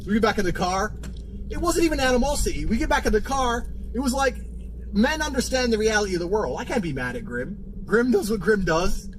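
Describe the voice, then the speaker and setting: A swaggering man tells a crude story in a blunt, unhurried manner. His voice sits fairly high. Steady noise runs through the clip. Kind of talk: profane anecdote. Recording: noisy clip.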